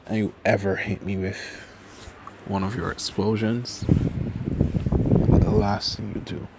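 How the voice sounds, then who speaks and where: A man voicing a cold, menacing teenage boy hero with a flat, threatening delivery, over background noise. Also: on the low side, slow, vocal fry.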